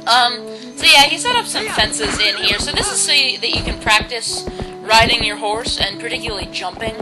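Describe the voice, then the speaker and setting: A woman hosting a casual video game playthrough, chatty and self-mocking, now and then bursting into loud shouts. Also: a little high, expressive, moderate pace, low-quality recording. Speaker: let's play host. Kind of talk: casual gameplay commentary. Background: video game music.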